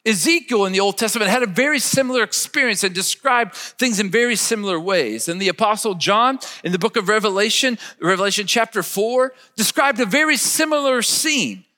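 High, animated preaching man. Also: fairly quick, hardly any pauses, long reverb tail. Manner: emphatic preaching, leads listeners in call-and-repeat. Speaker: pastor. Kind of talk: sermon.

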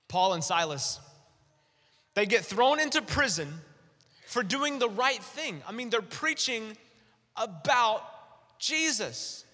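Bright-voiced, animated preaching man. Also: high voice, slow pace, pauses often, big-room sound. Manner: animated storyteller, emphatic. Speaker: pastor. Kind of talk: sermon.

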